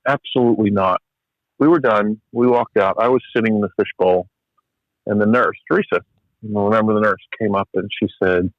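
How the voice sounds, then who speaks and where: Candid middle-aged man, low voice. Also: fairly quick, dry recording. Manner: candid, reflective, self-deprecating. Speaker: emergency physician guest. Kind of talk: conversational podcast storytelling. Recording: slightly muffled podcast audio.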